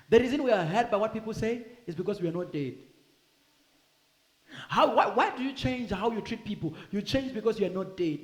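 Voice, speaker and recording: High-voiced animated male preacher. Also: fairly quick. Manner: animated, laughing asides, acts out dialogue. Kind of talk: sermon. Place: church hall. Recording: echoey church hall.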